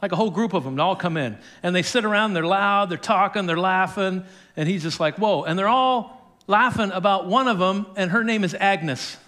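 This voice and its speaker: High-voiced guy preaching, telling a story and doing the quotes with little chuckles. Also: normal speed, sharp tone. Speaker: pastor. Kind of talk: sermon.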